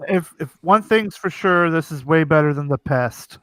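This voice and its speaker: A man's voice: on the high side, normal speed, a bit bright, no echo. Blunt swearing man in commentary. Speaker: podcast co-host. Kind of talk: movie commentary chat.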